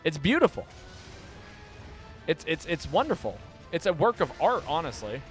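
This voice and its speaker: A man's voice: on the high side, moderate pace, faint music behind. Playful, stammering male game streamer. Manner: playful, excitable, stammers and repeats words. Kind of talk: casual live-stream commentary.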